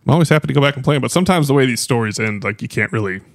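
A man hosting a podcast, rambling in a loose, relaxed way. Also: mid-range voice, racing, no room sound. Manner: rambling, laid-back, lots of fillers. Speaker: podcast host. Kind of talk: casual podcast chat.

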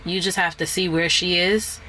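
A woman, a single mother and guest, talking candidly and telling lively stories about her family. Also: on the low side, normal speed, a little hiss or hum. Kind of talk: casual conversational storytelling.

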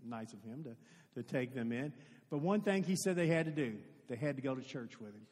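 A man's voice: mid-range voice, expressive, fairly quick, darkish tone. A man preaching a sermon, telling a story earnestly and addressing his congregation directly in a church. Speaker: pastor. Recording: long hall reverb.

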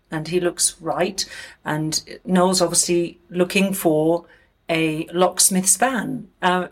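Chatty woman telling a story. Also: lowish voice. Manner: chatty, with fillers and asides. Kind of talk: casual anecdotal storytelling.

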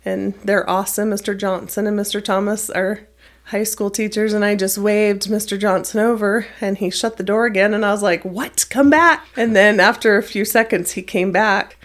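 A woman teacher calmly recounting a personal experience in an interview, measured and plain-spoken. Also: mid-range voice. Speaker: middle school math teacher.

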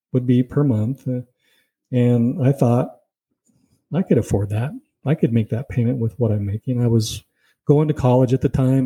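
A man's voice: mid-range voice, mellow, husky, low-quality recording. A man teaching a Bible lesson in a conversational way, telling personal stories and driving his points home with "see" and "you know.".

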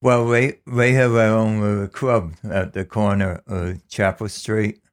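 A man's voice: on the low side, steady tone, unhurried, clear, resonant tone. A man recalling old local characters in casual conversation, in brief, matter-of-fact remarks. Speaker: longtime resident guest.

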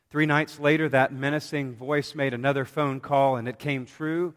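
A man preaching a sermon from the pulpit in a measured, dramatic way, with pauses between phrases. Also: medium pitch, steady tone. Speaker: pastor. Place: church sanctuary. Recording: long hall reverb.

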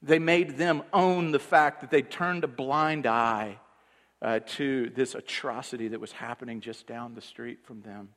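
A male pastor preaching with a storyteller's pull, pressing some lines out loud and letting others drop almost to a murmur. His voice sits at an ordinary middle pitch. It rings through a space with a long, lingering reverb. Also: steady tone, measured pace. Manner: storytelling, swinging between loud emphasis and hushed low passages. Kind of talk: sermon.

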